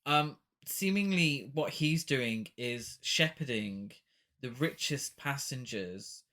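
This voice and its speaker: A man's voice: medium pitch, animated, slow pace, sharp tone. A man co-hosting a podcast, reviewing a bad film in a sweary, exasperated, joking way. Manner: sweary, exasperated ranting with laughs. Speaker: podcast co-host. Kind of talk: casual film review chat.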